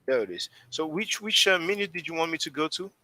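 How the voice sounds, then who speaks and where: Bright-voiced man with a French accent. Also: a little high, animated, fast, dry recording, rough recording. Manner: rambling, restarts often while thinking aloud. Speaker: host. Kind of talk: casual discussion on a live stream.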